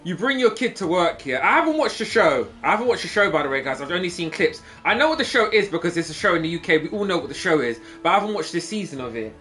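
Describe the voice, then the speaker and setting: Lively, bright-voiced streamer guy. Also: high voice, quick pace, hardly any pauses, faint music behind. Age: 30s. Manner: rambling gossipy storytelling, acting out quotes; teasing with chat. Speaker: gaming streamer. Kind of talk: casual stream chat.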